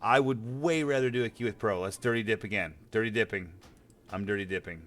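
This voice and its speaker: A man's voice: fairly low pitch, fairly quick, fairly bright tone, a little hiss or hum. An American man streaming a game, chatting casually, rambling with repeated words and cursing freely. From United States. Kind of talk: casual gaming chat.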